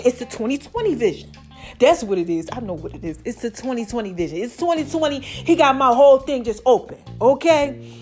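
Woman, high voice, chatty vlog host, animated, faint music behind. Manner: animated, chatty, preachy asides, lots of "y'all" and "okay?". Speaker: vlogger and podcast host. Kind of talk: casual chat to viewers.

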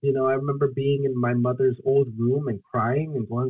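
A young man from Guatemala, a storyteller and solo performer, telling his own story as a podcast guest in an earnest, halting way. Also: mid-range voice, flat delivery, no echo, narrow, tinny audio. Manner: earnest, halting, acts out his own past pleas and quotes. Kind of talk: emotional personal storytelling in a podcast interview.

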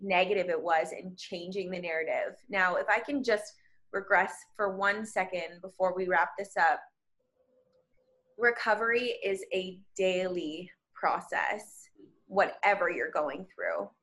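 A woman with a lowish, fairly bright voice speaks a little slowly as a podcast guest. She shares her personal experience candidly and from the heart in conversation.

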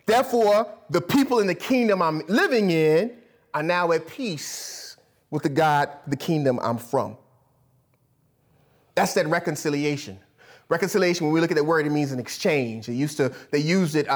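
A man delivering a sermon to his congregation, with a voice that sits a bit above the usual male range. He preaches in a lively, conversational way, breaking into laughter and side remarks as he goes. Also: fairly high pitch, moderate pace. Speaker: pastor.

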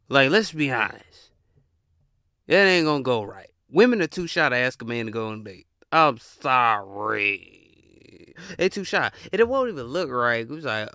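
A man ranting in a blunt, animated, slang-heavy monologue as podcast host, laughing often. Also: mid-range voice, normal speed, no room sound, clean studio sound.

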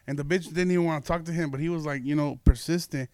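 A man's voice: fairly high pitch, steady tone, fast, mellow, no echo, studio quality. A young man hosting a podcast, telling a loose, profane story with lots of laughing. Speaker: podcast host and comedian. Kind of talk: casual storytelling chat.

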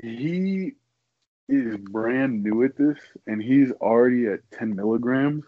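A young man co-hosting a podcast, loose and profane and a little amused as he tells a story. His voice is a touch lower than average. The sound is dry and somewhat dull, like a close, low-fi home mic. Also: lively intonation, measured pace, no echo. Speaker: podcast co-host. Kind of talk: casual chat.

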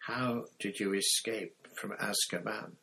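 Dumbledore, a soft-spoken old wizard, as a man reads him. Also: on the low side, fairly even intonation, a little slow, creaky, full character voice. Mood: gentle. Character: calm, gentle old male headmaster wizard.

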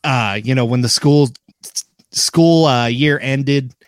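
A young man from Oklahoma, a podcast guest telling a story in a relaxed, easygoing way. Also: mid-range voice, takes it slowly, clean tone, dry recording, studio quality. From Oklahoma, USA. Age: young adult. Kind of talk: casual storytelling.

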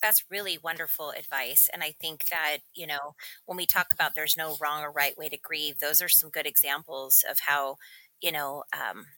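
A woman co-hosting a podcast, lively and encouraging, who laughs easily while asking her guest questions. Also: sits low, moderate pace, poor audio. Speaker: podcast co-host. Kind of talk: candid podcast conversation.

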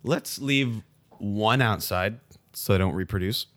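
A man's voice: on the low side, a little slow, a bit bright. A man with a mid-range voice plays the straight man in an improvised comedy sketch. His replies are wary, dry and exasperated. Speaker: comedic performer.

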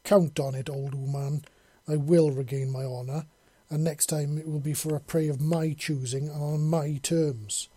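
A gravelly, growling alien huntress with mandibles, proud and sulky, as a man puts her on. The voice is raised and loud, husky and dark in tone, with a dry close sound. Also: on the high side, steady tone, a little slow, no room sound.

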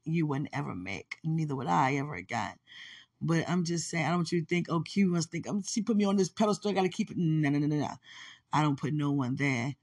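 A woman's voice: sits low, husky. A woman hosting a podcast, talking in a casual, teasing monologue and laughing often. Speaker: podcast host.

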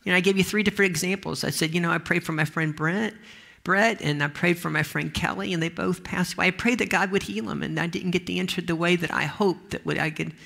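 A man's voice: high voice, fast, vocal fry, bright, forceful tone. A man, a pastor, giving a conversational sermon full of restarts and asides.

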